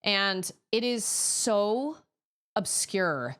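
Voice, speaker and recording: A woman's voice: medium pitch, lively intonation, very slow, fairly bright tone, clear, resonant tone. A woman streamer chatting casually to her audience in a rambling way, often laughing. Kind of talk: casual chat on a gaming stream.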